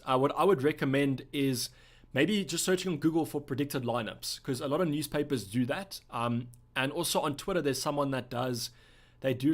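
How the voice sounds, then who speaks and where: Relaxed young man from South Africa. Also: mid-range voice. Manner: relaxed, thinking aloud with fillers. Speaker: livestream host. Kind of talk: casual live-stream chat reading viewer questions.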